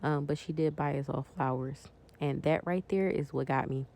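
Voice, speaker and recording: A woman's voice: low voice, normal speed, dark tone. A woman vlogger chatting casually to her viewers as she decorates a planner, talking straight to them. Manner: chatty, talks directly to viewers.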